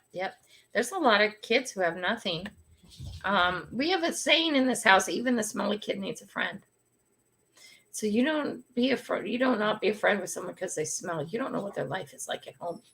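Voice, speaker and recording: A woman's voice: mid-range voice, expressive, moderate pace, pushed and bright. An older woman hosting a casual livestream, telling stories in a chatty, bossy grandmotherly way and laughing often. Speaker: livestream host.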